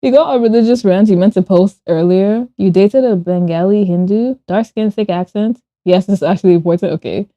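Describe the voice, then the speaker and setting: Mellow-voiced woman chatting on a stream. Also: mid-range voice, dry recording, muffled recording. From Nigeria and Ireland. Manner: animated and quick to laugh, with blunt swearing. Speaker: streamer and artist. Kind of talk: casual livestream chat, reading chat aloud while drawing.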